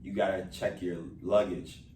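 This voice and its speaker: A man's voice: deep voice, level tone, measured pace, darkish tone, a little hiss or hum. A young adult man co-hosting a casual travel vlog with his wife, laid-back and chiming in to finish her story, recorded in a hotel room. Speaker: vlog co-host, husband. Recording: echoey room, camera at a distance.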